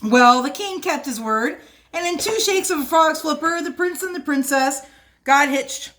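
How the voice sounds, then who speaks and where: A woman reading a children's picture book aloud for a library storytime, playful and expressive, at home. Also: high-pitched, moderate pace.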